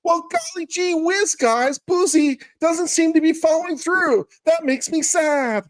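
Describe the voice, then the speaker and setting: A man's voice: extremely high pitch, unhurried, poor audio. A man putting on a prim, sugary-sweet, wide-eyed voice to read a court filing aloud, with mock-innocent sing-song asides.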